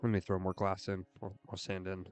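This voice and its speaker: A man's voice: deep voice, little pitch movement, brisk, soft background music. A young man streaming a game and talking in an earnest, rambling way, full of fillers. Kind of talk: casual rambling chat while gaming.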